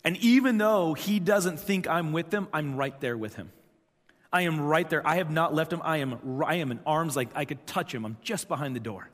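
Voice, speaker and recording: Pastor guy in his 30s, chatty emphatic sermon, bit high voice, big church echo. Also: moderate pace, fairly bright tone. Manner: conversational, repetitive, emphatic preaching. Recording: long church hall reverb.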